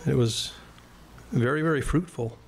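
A man's voice: mid-range voice, moderate pace, vocal fry, a little hiss or hum. Man preaching an earnest sermon. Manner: earnest, plain-spoken preaching with direct asides to the congregation. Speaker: pastor. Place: church.

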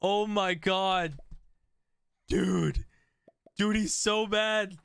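Excitable young man streaming, bright and high. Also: extremely slow, smooth, no room sound. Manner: excitable, laughing, reacting to chat. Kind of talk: live game stream commentary.

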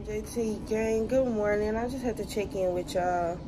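A young woman with a drawl vents about her ruined trip, swearing and addressing her viewers directly. She's recorded on a phone, with clear noise around her. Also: medium pitch, normal speed. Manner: upset, venting, profane, talking straight to viewers. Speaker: vlogger. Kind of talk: casual vlog talk to camera. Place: hotel room and car park on a trip.

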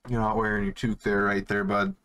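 This young man's voice sits on the low side, fairly bright, with little pitch movement as he talks quickly. Streaming a game, he chats in a relaxed way with his viewers and swears constantly.

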